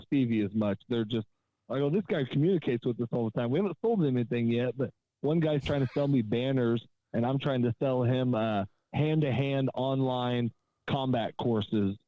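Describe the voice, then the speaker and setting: A man co-hosting a casual podcast, telling deadpan joke stories about messing with salespeople. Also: medium pitch, muffled recording. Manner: deadpan joking storyteller. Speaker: podcast co-host.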